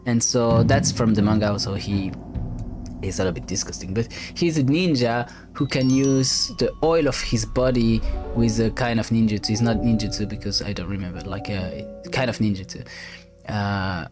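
A male game developer giving let's play commentary in a halting way, with many restarts. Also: lowish voice, music in the background.

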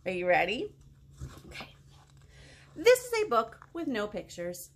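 A woman's voice: a little high, huge pitch swings, a little slow. A woman librarian leading a children's storytime, reading a silly book aloud with mock outrage and silly noises. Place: home, kids outside.

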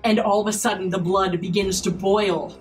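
A woman narrating a tabletop horror game as game master, descriptive and halting, with frequent restarts. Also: medium pitch, fairly even intonation, soft background music, poor audio.

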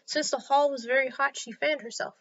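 Bright, high-voiced woman reading a children's story. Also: steady tone, fairly quick. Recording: slightly dull lo-fi sound.

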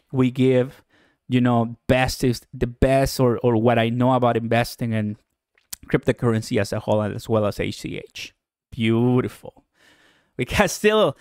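Puerto rican accented guy on a livestream, spanish is his first language, smooth clear voice, dry sound, reads out chat all cheery. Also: mid-range voice, no echo. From Puerto Rico. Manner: upbeat, reads out viewer comments and greetings. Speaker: livestream host.

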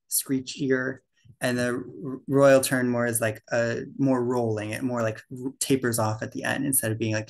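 A man's voice: mid-range voice, creaky. A young man giving a casual slide presentation to a birding club, talking loosely with fillers and self-corrections.

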